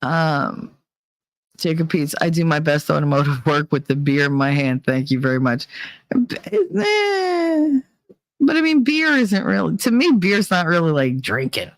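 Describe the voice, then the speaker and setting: A woman talks straight to her listeners in a loose, confessional storytelling style. Her pitch leaps high whenever she acts out what she said, then settles back down. The recording is close and dry with no room sound. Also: measured pace, dry recording. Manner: chatty and animated, swearing, laughing, squealing acted-out quotes. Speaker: podcast host. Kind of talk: casual storytelling monologue.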